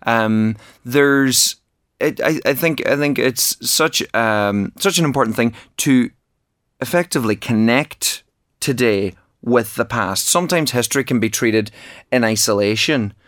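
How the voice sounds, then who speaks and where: A man's voice: medium pitch, a little slow, fairly bright tone, no room sound, studio quality. A man, talking about his book as a guest in an interview, keen, with many false starts and repeated words. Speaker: author and actor guest. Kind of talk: conversational interview.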